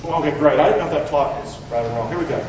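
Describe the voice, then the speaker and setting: A man preaching a Father's Day sermon in a church, leading call-and-response and swinging between loud exhortation and hushed asides. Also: a little high, racing, a little hiss or hum. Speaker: pastor. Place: church sanctuary. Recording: very echoey hall, distant mic, slightly dull.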